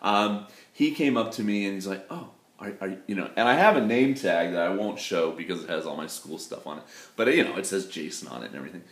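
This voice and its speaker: Laid-back guy, lower register, meandering self-deprecating vlog talk, recorded in a roomy space. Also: animated, fast, fairly bright tone. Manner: rambling, loose, full of "you know" fillers and self-deprecating asides. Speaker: English teacher living in Japan. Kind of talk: casual chat to camera. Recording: roomy echo.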